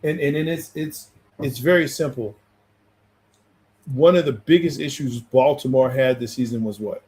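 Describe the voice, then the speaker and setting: A man's voice: medium pitch, moderate pace, darkish tone. Laughing, blunt man in sports banter. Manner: teasing, laughs often, blunt. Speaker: co-host. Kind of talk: casual sports debate.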